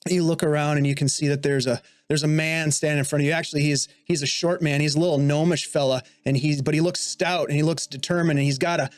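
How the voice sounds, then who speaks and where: A man's voice: a little high, steady tone, quick pace, hardly any pauses, no room sound. American man, game master, tabletop narration, rambling, dry close sound. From United States. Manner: loose, rambling with fillers.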